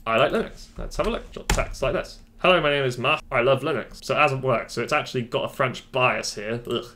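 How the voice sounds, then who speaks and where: A man's voice: mid-range voice, brisk, pushed and bright, slight background noise. A man hosting a casual command-line tutorial, talking offhandedly with joking asides into a desk microphone. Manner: chatty, offhand, self-deprecating asides. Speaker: tech tutorial host. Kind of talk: casual screen-recorded tutorial.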